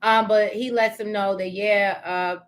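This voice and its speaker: A chatty woman, co-hosting a casual TV recap. She thinks aloud with frequent "um"s. She talks over a video call at a middle pitch. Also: fairly even intonation, unhurried. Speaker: co-host of a TV recap show.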